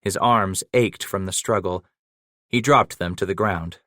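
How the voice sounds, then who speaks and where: A man reading a western audiobook in steady, measured scripted narration. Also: sits low, no room sound. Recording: dry close studio recording.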